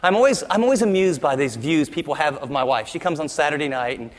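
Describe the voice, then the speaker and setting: A man's voice: fairly high pitch, animated, quick pace, in a large hall. A man preaching a sermon as pastor, emphatic and with humorous asides.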